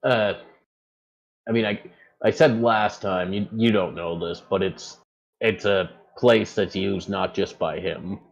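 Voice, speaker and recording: A man running a tabletop game as game master, unhurried, with stumbling restarts. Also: on the low side, steady tone, gravelly, lo-fi sound.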